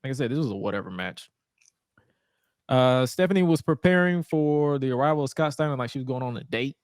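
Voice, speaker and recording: A male podcast co-host recaps old wrestling shows in a laid-back, joking and profane manner. His mid-range voice is clear and resonant, his pace fairly quick, and the studio sound is clean with no room echo.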